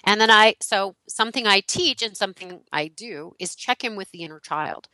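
A middle-aged woman guest who teaches about relationships, telling a personal story in an animated way, laughing and acting out what people said. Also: medium pitch, moderate pace, no room sound, rough recording. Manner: animated, laughing, acts out quotes. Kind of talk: storytelling in a podcast interview.

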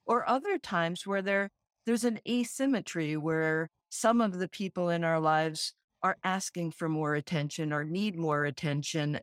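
A woman's voice: lowish voice, no room sound, studio quality. A woman from New Jersey co-hosting a podcast, talking in a reflective, conversational way and laughing often. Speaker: podcast co-host.

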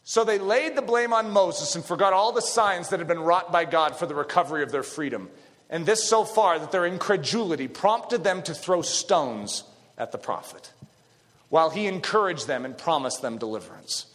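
A middle-aged man preaching a dramatic sermon, dropping low and quiet and then rising to shouts. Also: moderate pace, long reverb tail. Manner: dramatic, swings between hushed and shouting.

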